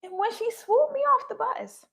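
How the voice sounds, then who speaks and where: High, gravelly-voiced woman telling a story. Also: normal speed. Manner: earnest, animated retelling with acted quotes. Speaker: spiritual livestream host. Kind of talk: personal storytelling on a livestream. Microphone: phone livestream.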